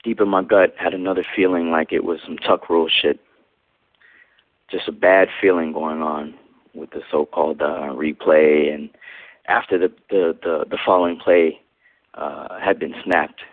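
A man calling in to a fan show, rambling, with many pauses and fillers. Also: low voice, steady tone, dry recording. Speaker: caller. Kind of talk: phoned-in voicemail to a fan show. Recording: tinny phone line.

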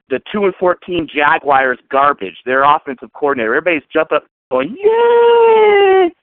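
Over a tinny phone line, a male sports fan calls in to a show to rant sarcastically and emphatically. His voice is fairly high, with no echo.

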